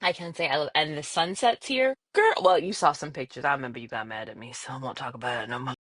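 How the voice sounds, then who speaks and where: A woman co-hosting a casual chat podcast, an animated storyteller who acts out other people's voices. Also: very deep voice, fast talker. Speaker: podcast co-host. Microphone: podcast recording.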